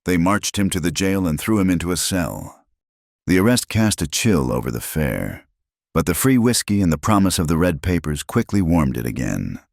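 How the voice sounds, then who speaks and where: A man narrates a scripted story in a steady, measured way. His voice is exceptionally deep. The recording is close and dry, with no room sound. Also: gravelly, no room sound.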